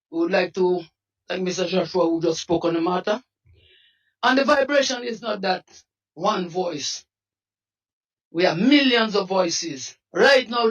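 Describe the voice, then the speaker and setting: A man with a Dominican accent speaks out with fiery, pleading urgency, often breaking into shouts in a high register. He is heard from a short distance off the microphone. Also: lo-fi sound. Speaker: protest activist. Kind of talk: impassioned street interview. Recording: voice from some distance off the mic.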